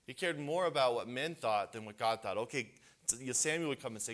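A man's voice: medium pitch, fairly quick, a bit bright. A man giving a conversational sermon at a men's retreat, earnest and casual, often restarting his sentences.

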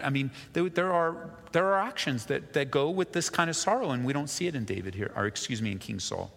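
A male pastor giving an expository sermon, reading scripture slowly and then explaining it with rhetorical questions. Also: mid-range voice, animated, gravelly, fairly bright tone, in a large hall.

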